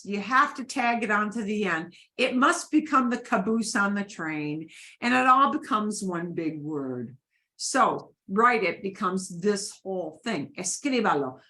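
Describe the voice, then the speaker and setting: A woman's voice: medium pitch, animated, measured pace, sharp tone. A woman teaching a beginners' Spanish class, explaining grammar in a chatty way and repeating key points with frequent "okay"s.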